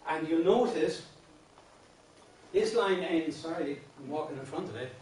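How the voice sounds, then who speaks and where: An Irish singing teacher leads a song workshop in a very echoey classroom, heard off-mic through a distant room mic with slight background noise. His voice is fairly high, animated, and darkish, at a measured pace. He patiently explains verse patterns, restarting often and breaking into sung lines.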